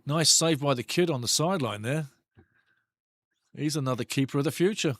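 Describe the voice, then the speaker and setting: A man hosting a live football watch-along, commentating excitedly on the match and chatting with viewers' comments. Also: on the high side, moderate pace, long pauses, no echo.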